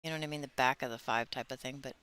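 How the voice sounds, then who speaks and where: A woman's voice: very deep voice, steady tone, very fast, a bit bright, smooth. A woman who plays and commentates pool, explaining things in a friendly way. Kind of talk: casual sports commentary.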